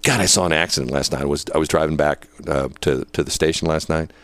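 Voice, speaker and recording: A man's voice: a bass voice, steady tone, quick pace, a bit bright, no echo. A man and former police dispatcher telling old work stories in a rambling, casual way, full of fillers and laughter. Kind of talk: casual storytelling.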